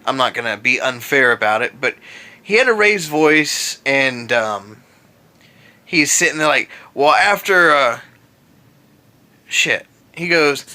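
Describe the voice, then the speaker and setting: Lying in bed at home, a tired young vlogger rants casually about an old boss, tossing in sarcastic asides. His medium-pitched voice is pushed and bright with lively intonation, and he speaks slowly with long pauses.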